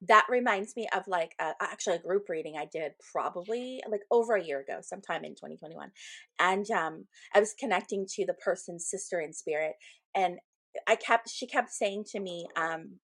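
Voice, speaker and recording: A woman co-hosting a podcast as a medium, chatting casually and telling stories with lively acted-out quotes. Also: lowish voice, moderate pace, dry recording. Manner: animated storytelling, acts out quoted people. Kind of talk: casual chat.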